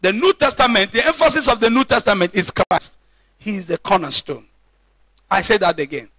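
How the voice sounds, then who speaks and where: A man's voice: sits high, fairly quick, pushed and bright, no echo. A male pastor preaching a sermon, emphatic, repeating points and calling out questions to the congregation. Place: church.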